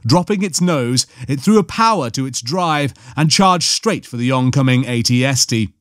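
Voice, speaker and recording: A man narrates an audiobook in a steady, even storytelling manner. His voice is medium-pitched and moderately paced, recorded at studio quality with no echo.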